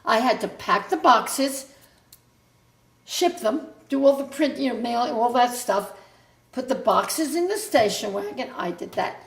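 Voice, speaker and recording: A woman's voice: fairly high pitch, expressive, a little slow, gravelly, roomy sound. An older woman telling stories about her family's past to her grown child in a casual, rambling way, often breaking off mid-sentence and starting over. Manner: rambling, self-interrupting storyteller. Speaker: mother recounting family history.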